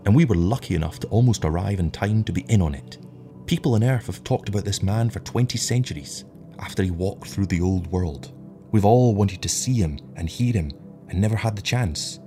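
A man's voice: lowish voice, expressive, brisk, mellow, soft background music, pitched above the performer's own voice. A man voicing an earnest, defiant young crewman who speaks with passion. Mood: impassioned.

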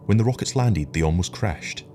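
A man reading an audiobook story in a measured, even way, with faint music behind. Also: sits low. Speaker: narrator. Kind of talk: audiobook narration.

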